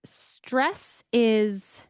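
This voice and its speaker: A woman's voice: a little high, very slow, darkish tone, clean tone, dry recording, studio quality. A woman co-hosting a conversational podcast, asking thoughtful, probing questions with hesitant phrasing. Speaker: podcast co-host.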